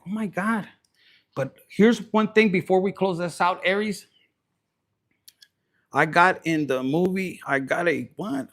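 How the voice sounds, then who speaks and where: A man's voice: on the high side, a bit bright. Crude, joking man reading tarot. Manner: crude, joking, mixes in Spanish slang. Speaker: tarot reader.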